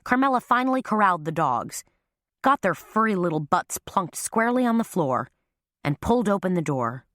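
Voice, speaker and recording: Low-voiced woman audiobook narrator. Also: big pitch swings, normal speed, fairly bright tone, no room sound, clean studio sound. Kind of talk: scripted narration.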